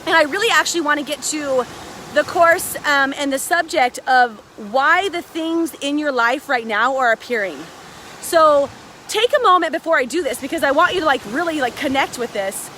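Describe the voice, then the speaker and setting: A high-voiced woman talks to her viewers in a chatty, excitable way, greeting them by name. Her tone is bright and sharp. It is recorded on a phone outdoors on a beach, with faint surf noise behind her. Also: normal speed. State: out of breath. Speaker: live video host. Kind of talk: casual motivational live stream. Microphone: phone held by a friend.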